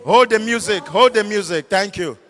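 A MC hurries contestants on and off stage with brisk, sing-song announcements in a high voice. Faint music plays behind him, and a long echo fills the hall. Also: male voice, a bit bright. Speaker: event MC. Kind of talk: event hosting on stage.

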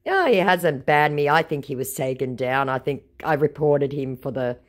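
A woman's voice: low voice, lively intonation, normal speed. A woman retelling her chats with scammers in a sarcastic, mocking way. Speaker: scam-baiting content creator. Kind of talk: storytelling vlog.

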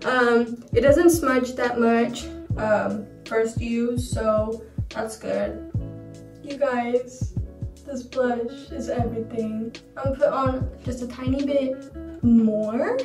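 A woman's voice: a little high, slow pace, over music. Gushing young woman, echoey and distant. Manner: gushing, excitable, dramatic. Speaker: beauty vlogger. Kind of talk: casual makeup review. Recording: roomy echo, mic far off.

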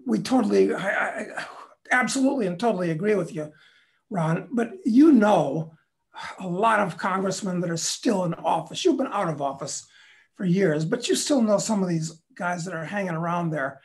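Gravelly male interview host. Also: high-pitched, animated, normal speed. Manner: asking questions directly. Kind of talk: interview questions.

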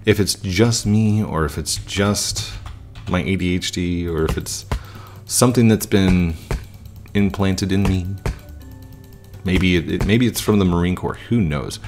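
A gaming YouTuber in his thirties, low-voiced and unhurried, talks casually and reflectively while playing, frequently restarting sentences and using fillers. Music plays in the background.

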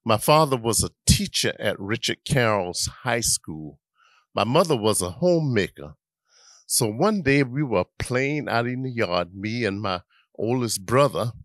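A man's voice: mid-range voice, no room sound, clean studio sound. A man, telling a childhood story to an audience. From South Carolina. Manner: slow, lively, drawn-out childhood tale.

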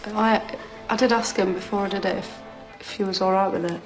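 A woman's voice: medium pitch, fairly even intonation, fairly quick, over music, lightly acted, rough recording. An actress playing a sheepish young woman in a film, speaking hesitantly and apologetically. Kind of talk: film drama acting.

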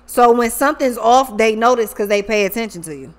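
A woman's voice: on the high side, a little fast. A woman giving a casual tarot reading, talking animatedly with lots of slang and swearing, often acting out what people might say. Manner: animated, profane, acts out quoted people. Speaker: tarot reader.

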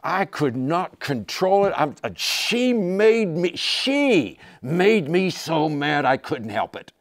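A preacher putting on a whiny excuse-making husband. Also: male voice, fairly high pitch, sing-song, takes it slowly, no room sound, clean studio sound, voice pushed up, full character voice. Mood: defensive.

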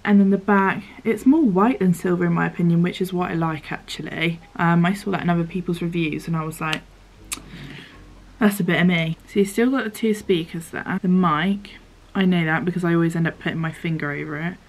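A woman's voice: lowish voice, a little fast. A young woman in a casual unboxing vlog, chatting and swearing casually, and often dropping to a whisper as she reads the screen aloud. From United Kingdom. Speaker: vlogger.

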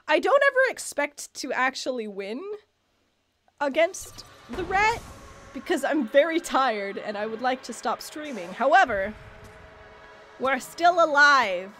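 A woman streams a game with casual let's-play commentary, her high voice very animated, a little slow and slightly bright. She's dramatic and pokes fun at herself, yelping whenever she panics, with game music playing behind her.

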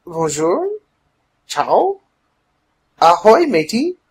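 Regal young sea princess, voiced by a man, stiff formal talk, lively ups and downs. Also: sits high, very slow, husky, voice pushed up, full character voice, low-quality recording. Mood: playful. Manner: formal, stilted speech.

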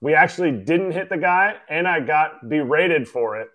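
A man in his forties telling a story as a podcast guest, emphatic and lively, acting out the voices of the people in it. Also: on the high side, moderate pace.

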